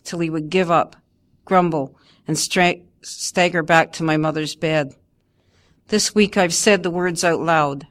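A woman narrating her memoir in first person, in a measured, steady way. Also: sits low.

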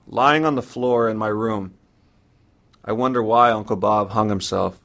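A man narrating a personal story in the first person, in a somber, measured way. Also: fairly low pitch, vocal fry, fairly bright tone.

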